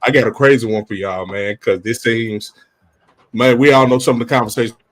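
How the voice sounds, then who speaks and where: A man's voice: medium pitch, steady tone, a little fast, slight background noise. A man on a video call, laid-back in casual chat, repeating himself to get going. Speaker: podcast co-host.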